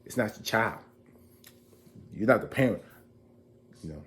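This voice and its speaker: A man casually recapping a TV episode as a reviewer, chatty and animated, acting out characters' lines. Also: lowish voice, a little slow.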